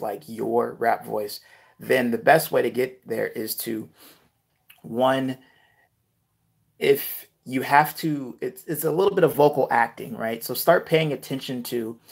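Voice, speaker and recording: A man's voice: medium pitch, vocal fry, slightly rough. A man hosting a casual live Q&A, giving rap tips and reading viewer comments aloud with lots of fillers.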